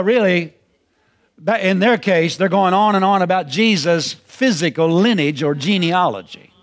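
Preacher guy, high voice, folksy and repetitive, ramps up to shouting. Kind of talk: sermon.

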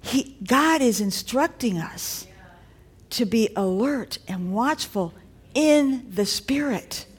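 A woman's voice: fairly high pitch, animated, takes it slowly, breathy edge. Woman preaching conversationally to a congregation. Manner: conversational preaching with rising exhortations. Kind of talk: sermon. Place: church.

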